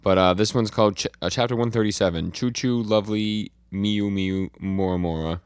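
A man's voice: lowish voice, fairly even intonation, a little fast, clean tone, dry recording, studio quality. A man co-hosting a podcast, casually recapping comic chapters and reading out the dialogue with fillers and restarts. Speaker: podcast co-host.

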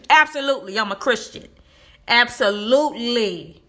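A young woman hosting her own podcast, delivering a fired-up, preachy rant. Her voice is bright and ringing and sits a touch high. She talks straight at her listeners as if lecturing them. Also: expressive, normal speed. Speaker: podcast host. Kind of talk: opinionated monologue.

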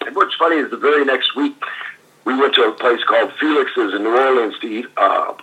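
A man's voice: mid-range voice, brisk, pushed and bright, husky, highs cut off. An older man, a former pro wrestler, animatedly telling anecdotes in a casual interview with laughs and fillers.

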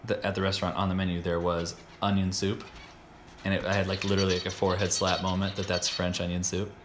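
A low-voiced American man hosts a relaxed chat and rambles with enthusiasm, doubling back and restarting his sentences. A faint hiss sits under the recording. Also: fast talker. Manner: rambling, self-interrupting, enthusiastic. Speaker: podcast host. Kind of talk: casual chat.

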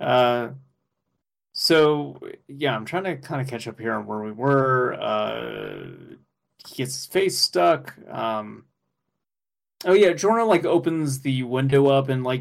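A man co-hosting a podcast, chatting casually and excitedly, laughing often and rambling with fillers. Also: mid-range voice, creaky. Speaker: podcast co-host. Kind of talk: casual chat recapping an anime episode.

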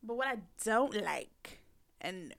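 A young woman in a casual, argumentative chat with her husband, animated and sassy, often mimicking him. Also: on the high side, slow pace, creaky. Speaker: wife in a couple's talk.

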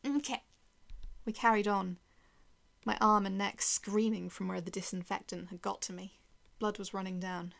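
A woman reads a first-person horror story aloud, tense and dramatic, sometimes sinking to a whisper. Her mid-range voice has a gravelly fry. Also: medium pitch, little pitch movement, normal speed, fairly bright tone.

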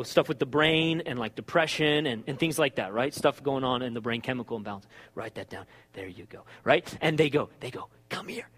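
A man preaching a sermon as a pastor, telling stories with lively acted-out dialogue. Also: fairly high pitch, in a large hall. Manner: animated storytelling, acts out dialogue.

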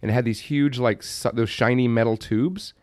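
A man co-hosting a podcast, telling profane anecdotes in an animated, casual way. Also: medium pitch, moderate pace, no room sound, clean studio sound. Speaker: podcast co-host.

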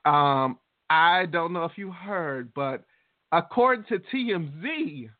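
A man's voice: a little high, animated, takes it slowly. Laughing man on a tinny line. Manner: teasing, laughs a lot, reads segments aloud. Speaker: podcast co-host. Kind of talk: casual chat. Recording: tinny phone-line sound.

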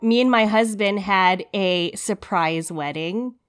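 A woman's voice: medium pitch, takes it slowly, smooth. A woman in her thirties co-hosting a podcast, chatting casually with lots of laughs and fillers. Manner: giggly, upbeat, many fillers. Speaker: podcast co-host. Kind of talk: casual chat.

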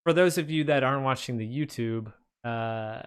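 A man's voice: mid-range voice, moderate pace, smooth. A man co-hosting a casual film review podcast, chiming in and steering the talk. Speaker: podcast co-host.

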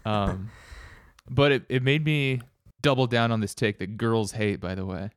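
Low, smooth-voiced man in casual chat. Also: no echo, studio quality. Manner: rambling, halting restarts, wry jokes.

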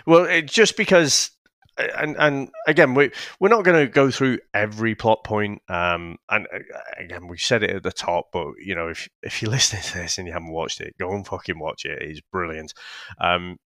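A man's voice: sits low, moderate pace, a bit bright, no room sound, studio quality. A man with a northern English accent co-hosting a casual review podcast, rambling and swearing freely with lots of restarts. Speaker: podcast co-host.

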